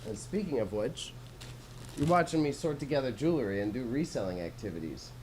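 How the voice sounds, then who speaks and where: A man's voice: mid-range voice, expressive, a little fast, a little mellow, slight background noise, rough recording. A young Canadian man with a Canadian accent, chatting casually and with slang to viewers during a livestream while he sorts jewelry. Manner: laid-back, slangy, swears casually, chats with viewers.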